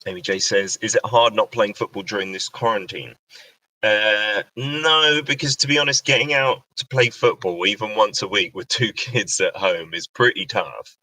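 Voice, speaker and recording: A man's voice: on the low side, normal speed, pushed and bright, recorded from a distance, rough recording. A British man, a radio host, chatting casually on a livestream and answering viewer questions with a joking, chatty manner. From Britain. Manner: chatty, joking, reads out comments.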